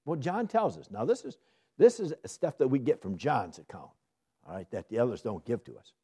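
Man, Bible study sermon, mellow voice, lively pitch swings, questions answered by himself. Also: moderate pace, slightly rough. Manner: lively, asks questions and answers them, rising to emphatic bursts. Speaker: Bible teacher.

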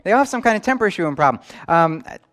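A man's voice: high voice, very animated, racing, fairly bright tone. A man preaching a sermon, asking the listeners question after question. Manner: asks the audience questions. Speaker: pastor. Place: church in New York.

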